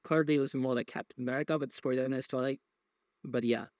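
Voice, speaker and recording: A man's voice: mid-range voice, steady tone, fast talker, darkish tone, no room sound. A man hosting a podcast, recapping wrestling in a casual, rambling way, swearing freely and filling gaps with many fillers and restarts. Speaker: podcast host.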